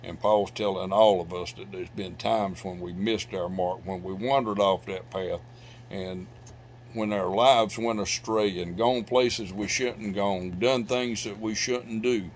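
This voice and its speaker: Middle-aged pastor, low-pitched, preaching with loud swells and hushed drops, faint hum under it. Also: male voice, fairly even intonation, measured pace. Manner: preaching with loud bursts of emphasis and sudden drops to quiet. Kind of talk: sermon. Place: church sanctuary.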